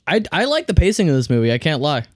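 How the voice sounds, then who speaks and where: A man's voice: fairly high pitch, very animated, fast, dry recording, clean studio sound. A man co-hosting a podcast, chatting casually about a movie he liked, often restarting his sentences. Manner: enthusiastic, repeats words when restarting. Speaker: podcast co-host. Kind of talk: casual film review chat.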